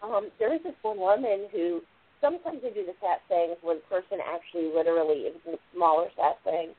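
A woman's voice: fairly low pitch, brisk. Woman on a tinny phone line. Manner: rambling, repeats "like" and "literally". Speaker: radio show host, spiritual channeler. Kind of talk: casual spiritual explanation.

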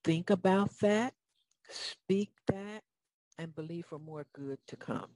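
A woman's voice: on the low side, takes it slowly, dark tone, no echo. A woman with a Southern US accent giving a motivational talk, folksy and preacherly, often asking her audience questions. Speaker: motivational speaker.

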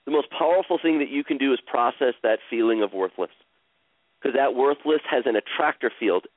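Man, live coaching, slow soothing repetitive guidance, tinny phone-like sound, dry. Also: medium pitch, no echo. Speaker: host coaching a caller.

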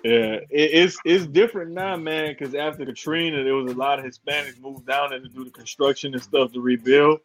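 Brief: easygoing New man, a touch high, co-hosting a casual chat. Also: fairly quick, few pauses. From New Orleans.

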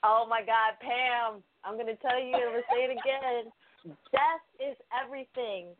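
Female guest, effusive and excitable; high voice through a tinny phone line. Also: unhurried, no echo. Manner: gushing, excitable, repeats herself. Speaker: guest cast member. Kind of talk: casual show guest chat.

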